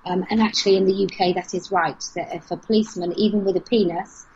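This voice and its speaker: A woman's voice: mid-range voice, fairly even intonation, fast talker, darkish tone, slight background noise. A woman, speaking frankly and telling a story as an interview guest. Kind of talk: casual conversation. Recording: dull lo-fi podcast audio.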